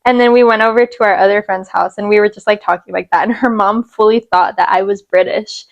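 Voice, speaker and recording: A young woman co-hosting a podcast, telling stories in an animated, giggly way. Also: mid-range voice, fairly quick, creaky, dry recording, dull audio. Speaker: podcast co-host. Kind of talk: casual chat.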